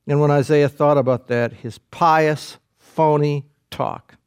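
Male preacher, slightly high voice, vivid storyteller, moves from hushed to intense. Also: steady tone, slow pace, clean tone. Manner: vivid storytelling, guiding listeners to picture the scene; swings from hushed low passages to raised, intense climaxes. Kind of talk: sermon.

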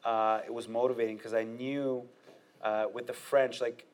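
A stand-up comedian with a mid-range voice chats casually in an interview. He's animated, often bursting into laughter and tossing in quick asides.

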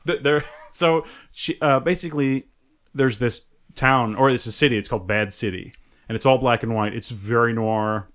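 A man co-hosting a casual chat, animated, laughing often and restarting his sentences. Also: medium pitch, moderate pace. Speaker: podcast co-host.

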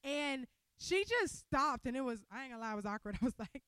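A young woman giving an animated, conversational sermon to a women's gathering. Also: high-pitched, brisk, clear, resonant tone, dry recording. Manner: animated, conversational preaching with laughter. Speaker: speaker at a women's church event.

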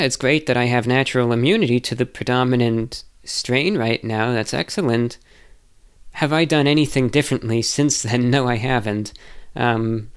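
A man's voice: medium pitch, smooth. A man answering viewer questions in a casual, rambling monologue, hesitant and self-reflective.

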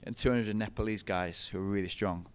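A man's voice: fairly low pitch, steady tone, a little fast, a little hiss or hum. A young man, telling running stories in a casual interview, chatty and laughing often. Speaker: podcast guest, ultra runner.

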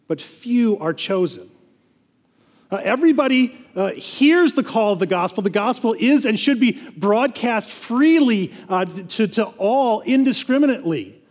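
A man's voice: high voice, big-room sound. A man preaching a sermon as pastor, earnest, often repeating words and restarting phrases.

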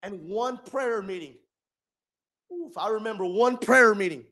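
A young man preaching a sermon and telling his own story, moving from quiet reflection to shouted emphasis. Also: high voice, unhurried. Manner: testimony-style preaching, swinging from soft reflection to shouted emphasis.

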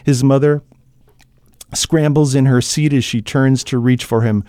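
Smooth-voiced man reading expressively. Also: medium pitch, steady tone, a little slow, dark tone, no echo, clean studio sound. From New Hampshire. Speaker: author, guest. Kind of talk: dramatic reading, then interview talk.

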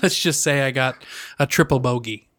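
A man's voice: medium pitch, moderate pace, a bit bright, no room sound, studio quality. A man co-hosting a casual podcast, joking around with playful puns and poking fun at himself. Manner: jokey, playful wordplay, self-mocking. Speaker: podcast co-host. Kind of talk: casual chat.

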